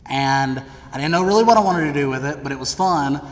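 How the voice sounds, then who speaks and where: A young man from Middle Tennessee telling funny stories about his own past to college students, in a lively, theatrical, self-deprecating way. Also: on the high side, fairly quick. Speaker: speaker addressing college students. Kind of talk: humorous personal storytelling. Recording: long reverb of a large hall, faint background noise.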